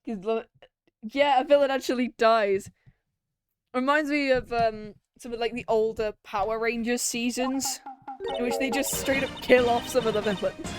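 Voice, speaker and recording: Brief: woman streamer, slightly high voice, casual and jokey, loud game music under her. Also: fairly even intonation, normal speed. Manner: chatty, joking asides.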